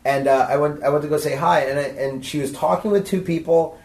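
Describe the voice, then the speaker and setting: A man in casual podcast chat, telling self-deprecating stories in quick bursts. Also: a little high, a little mellow, reverberant.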